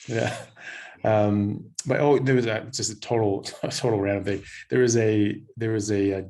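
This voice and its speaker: Low-voiced man from Southern California. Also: fairly even intonation, normal speed, mellow. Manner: storytelling, laughing, frequent restarts. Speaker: doctor, guest. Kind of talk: casual interview chat.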